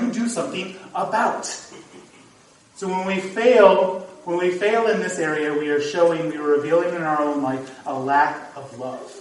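A man preaching a sermon as pastor, earnest and at times emphatic. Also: high-pitched. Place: church sanctuary. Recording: echoey hall, mic from far off. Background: congregation.

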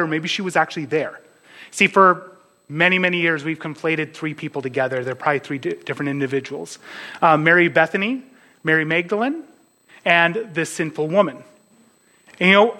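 A man's voice: on the high side, bright, forceful tone, poor audio. A man preaching a conversational sermon as pastor, dropping to a near whisper at tender moments.

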